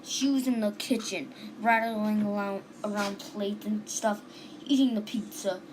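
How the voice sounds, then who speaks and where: A woman's voice: mid-range voice, steady tone, measured pace, background noise. A woman casually retelling a dream, rambling and restarting with lots of "and then", on a home recording. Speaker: storyteller.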